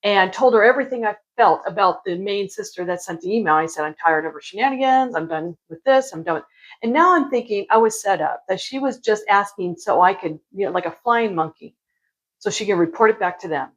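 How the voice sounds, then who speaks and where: A woman's voice: mid-range voice, lively intonation, brisk, rough recording. A woman in her forties casually telling a story to camera, chatty and exasperated, acting out what others said. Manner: chatty and exasperated, acts out quoted lines; sips wine while talking. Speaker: vlogger.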